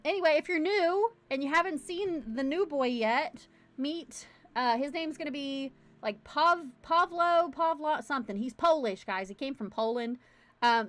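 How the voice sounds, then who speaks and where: A woman hosting a casual livestream from home, chatting in a bubbly, rambling way straight to her camera. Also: high voice. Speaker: livestream host. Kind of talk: casual live-stream chat.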